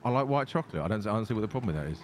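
Man in a game roleplay who talks fast with a lively, swinging pitch, game noise clearly heard behind. He jokes and teases constantly, swearing freely. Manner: joking, teasing, swearing. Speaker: streamer roleplaying.

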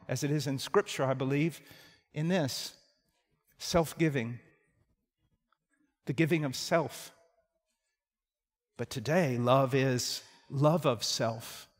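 Emphatic preacher in his sixties, echoing hall. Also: mid-range voice. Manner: dramatic swings from loud emphasis to hushed tones; emphatic, repeats key phrases. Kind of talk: sermon. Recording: long hall reverb.

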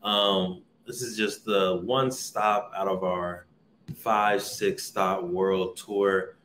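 A man's voice: sits low, steady tone, very slow, fairly bright tone, roomy sound, slight background noise. A man hosting a casual podcast, talking with an upbeat, hype-man delivery and leaning on repeated catchphrases. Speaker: podcast host. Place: vacation lodging abroad, indoors.

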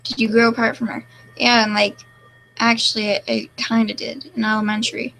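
A young woman streaming live, reading chat comments aloud and answering in a deadpan, self-mocking way. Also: fairly high pitch, fairly quick, a little hiss or hum, poor audio.

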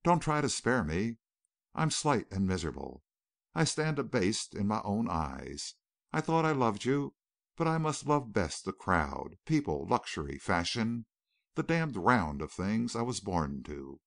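A man voicing a distraught young wealthy city woman in an audiobook, pleading and breaking off in halting repeats. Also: lowish voice, sing-song, vocal fry, exaggerated voice.

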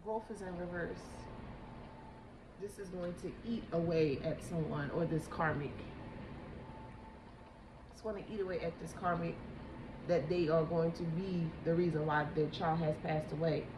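Halting, emotional woman tarot reader. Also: lowish voice, steady tone. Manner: halting, emotional, repeats herself. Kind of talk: psychic reading vlog. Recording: echoey room with background noise.

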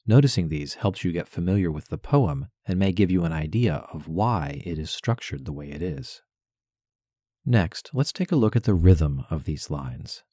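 A man giving a poetry lesson as a voice-over, measured and deliberate, carefully stressing syllables. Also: low-pitched, animated, mellow, dry recording, studio quality. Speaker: poetry teacher. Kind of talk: instructional narration with poem recitation.

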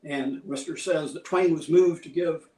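A man giving a museum lecture in a measured, scholarly way, citing many quotations. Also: a little high, fairly even intonation, dark tone. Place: lecture hall. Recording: roomy hall, from a distance.

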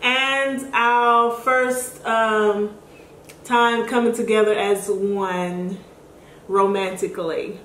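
A woman's voice: mid-range voice, steady tone, extremely slow, a bit bright. A woman co-hosting a home vlog in casual chat, giggly and chatty. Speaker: vlog co-host. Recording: echoey room with faint noise.

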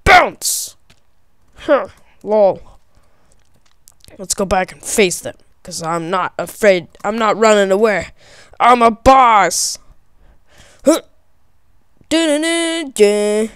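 A woman giving excitable, profane commentary while playing a game, often shrieking in panic. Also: medium pitch, slow, pauses often, clear, resonant tone, dry recording, studio quality. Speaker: gamer. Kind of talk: let's play commentary.

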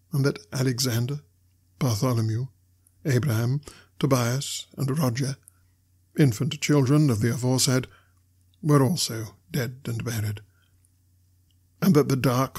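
A man reading a classic novel aloud as an audiobook narrator, with measured storytelling delivery. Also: medium pitch, a little mellow, husky.

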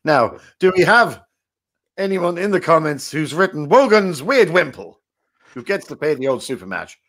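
A man's voice: on the high side, sing-song, normal speed, a bit bright, full character voice. A man playing a jovial, rambling game-show host who is dead and in heaven, hosting a comic improvised quiz. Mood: chummy. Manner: chummy, rambling, self-mocking banter.

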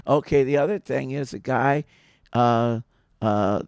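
A man talking in a casual, rambling monologue, telling stories with many restarts and growing louder when aggrieved. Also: medium pitch, flat delivery, moderate pace, creaky, dry recording, clean studio sound. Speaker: podcast subject telling stories.

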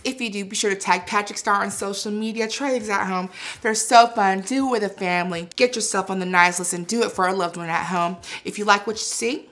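A man playing a bright, sassy cooking-show hostess. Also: high-pitched. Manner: cheery and campy, says "y'all" often. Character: sassy bubbly woman hosting a holiday cooking show. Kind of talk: campy cooking demonstration.

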